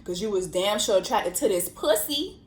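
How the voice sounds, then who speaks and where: A woman's voice: medium pitch, lively intonation, moderate pace, reverberant, voice pushed down, close to an everyday voice. A woman voicing a brash young newlywed bride who swears and makes demands. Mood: indignant. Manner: brash, profane, sassy.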